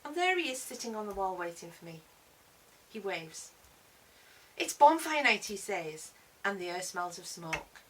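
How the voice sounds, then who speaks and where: A woman performing a spoken word story, expressive, moving between hushed and loud passages. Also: lowish voice, normal speed. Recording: distant mic with faint hiss.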